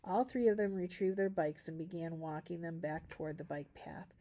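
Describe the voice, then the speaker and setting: A woman reading a novel aloud for a school class, narrating calmly with small shifts of voice for the characters. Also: lowish voice, normal speed. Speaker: reader.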